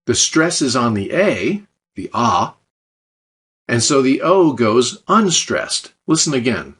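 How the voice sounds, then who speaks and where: A man teaches a language lesson in scripted narration, his voice a touch husky. His pitch moves a lot as he explains each point and drops the odd dry joke. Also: very animated, takes it slowly, fairly bright tone. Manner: explanatory, with light dry jokes.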